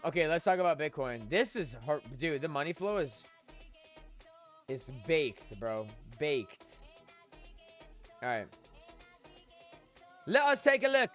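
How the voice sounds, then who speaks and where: Hype guy doing live crypto commentary, high voice, music playing quietly behind. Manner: hyped, joking, chants a catchphrase. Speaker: host, crypto trader. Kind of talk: live-stream market commentary.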